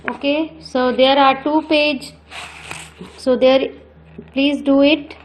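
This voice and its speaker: A woman teaching children cursive handwriting, giving slow step-by-step instructions and repeating each stroke. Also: high-pitched, fairly even intonation, slight background noise. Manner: switches between English and Hindi.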